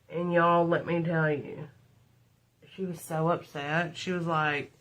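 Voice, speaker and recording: A woman's voice: sits low, steady tone, slow. A middle-aged woman, telling rambling stories to her livestream viewers while doing her makeup. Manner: chatty, rambling, addresses viewers as y'all. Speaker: livestream host. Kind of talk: casual storytelling and makeup livestream.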